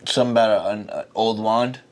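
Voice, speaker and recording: A man co-hosting a podcast, dropping in quick wisecracking remarks during casual banter. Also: lowish voice, steady tone. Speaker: podcast co-host.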